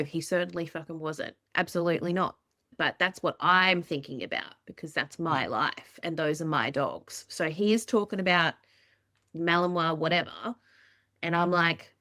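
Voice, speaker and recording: A woman's voice: on the low side, moderate pace, a bit bright, no echo, clean studio sound. A woman with an Australian accent hosting a podcast, talking casually and poking fun at herself, now and then swearing offhandedly. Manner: chatty and self-mocking, swears casually. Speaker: podcast host.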